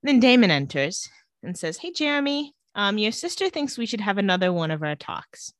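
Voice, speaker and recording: A woman co-hosting a podcast, recapping a TV episode in casual chat and retelling scenes in a flat, lowered voice. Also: moderate pace, dry recording, clean studio sound.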